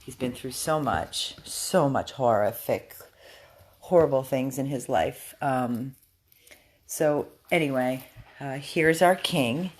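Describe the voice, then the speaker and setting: A woman at a dog rescue talking casually to the camera about a rescued dog, switching into high baby-talk when she speaks to him. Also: slow pace. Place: indoor rescue room.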